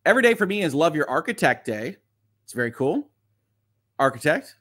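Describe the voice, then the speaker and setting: A middle-aged man hosts a casual livestream, reading viewer comments aloud and answering them. He talks fast and chats easily. His voice sits a little high for a man. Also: sing-song, a bit bright. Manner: fast-talking, chatty, reads comments aloud. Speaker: lawyer and livestream host reading viewer chat.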